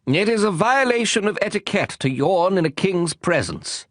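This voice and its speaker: A man's voice: high voice, expressive, moderate pace, a bit bright, no echo, clean studio sound, voice pushed up. A man voicing a proud, pompous old king who gives stiff, grand commands. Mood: commanding.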